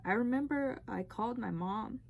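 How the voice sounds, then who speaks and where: A woman's voice: fairly high pitch, normal speed, vocal fry, narrow, tinny audio, slight background noise. A young woman telling a personal dream story in a rambling, emotional way, with many fillers. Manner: rambling, heavy use of "like". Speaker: vlogger sharing a testimony.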